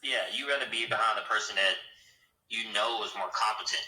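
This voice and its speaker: A man's voice: lowish voice, a little fast, pushed and bright, roomy sound, low-quality recording. A man co-hosting a casual podcast, joking and chiming in with short quips. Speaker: podcast co-host.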